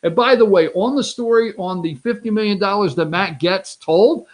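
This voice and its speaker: Brash high-voiced male political host. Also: normal speed. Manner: brash, excitable, sarcastic asides. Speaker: show host. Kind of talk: animated political commentary.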